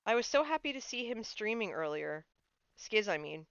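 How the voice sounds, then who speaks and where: A woman's voice: mid-range voice, very animated, normal speed, a bit bright, smooth, no room sound, highs cut off. A woman streamer chatting casually while playing a game, telling stories with lots of fillers. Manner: chatty storyteller with frequent fillers. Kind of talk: casual gaming stream chat.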